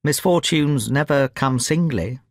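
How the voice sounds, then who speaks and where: A man's voice: medium pitch, sing-song, normal speed, a bit bright, no echo, studio quality. A man doing a shaken young diplomat. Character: young male diplomat, shaken but courteous.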